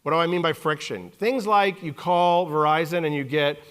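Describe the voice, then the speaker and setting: A man in his forties speaks from a conference stage in an animated, joking keynote style. His voice sits a bit high for a man, and he slips into little character voices whenever he quotes someone. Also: moderate pace, clear, resonant tone. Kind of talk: humorous keynote storytelling.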